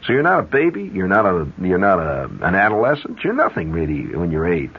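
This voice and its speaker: A man hosting a radio show, telling a long rambling story in an animated way and stopping for conversational asides. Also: low voice, brisk, a little hiss or hum. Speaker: radio host. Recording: dull 1970s radio broadcast.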